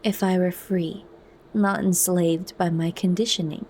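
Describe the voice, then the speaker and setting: A restless, brooding young man, bitter and searching, as a woman puts him on in whispered role-play. He speaks slowly and in a low register, quiet and close. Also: fairly even intonation, a little hiss or hum, natural voice.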